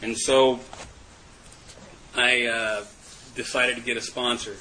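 Guy telling his recovery story to a room, bright voice, laughs a lot, faint room noise. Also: mid-range voice, level tone, slow, poor audio. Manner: candid, self-mocking, laughing often. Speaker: recovery meeting speaker. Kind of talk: personal testimony to a group.

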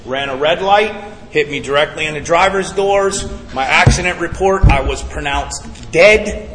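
A man's voice: on the high side, unhurried, fairly bright tone, a little hiss or hum. A man sharing his recovery story to a live group at a twelve-step meeting, earnest and emphatic, often calling the crowd guys. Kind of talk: personal testimony to a live group. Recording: echoey hall with background ambience.

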